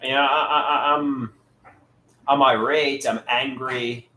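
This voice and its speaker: A man talking live to viewers in a lively, up-and-down voice, stumbling over his words and repeating himself as he answers the chat. The room rings with a noticeable echo, and a faint noise sits underneath. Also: mid-range voice. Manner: halting, repeats words and restarts often. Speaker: livestream host reading chat.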